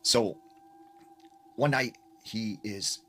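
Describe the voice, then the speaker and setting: A man's voice: lowish voice, extremely slow, sharp tone. A man casually retelling a scary story he heard, talking in a loose, conversational way with lots of fillers. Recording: noisy ambient recording.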